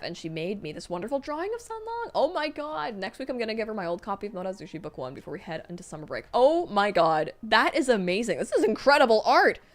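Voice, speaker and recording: Excitable woman streamer, gushing over fan messages, laughs a lot, casual. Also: mid-range voice. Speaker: streamer reading donations and chat. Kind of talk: casual livestream chat.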